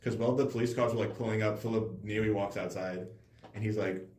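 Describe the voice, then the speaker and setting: A young man hosts a casual podcast chat and rattles off stories quickly, with lots of loose fillers. His voice sits fairly low. The room adds a clear echo around him. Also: steady tone, darkish tone. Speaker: podcast host. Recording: roomy echo.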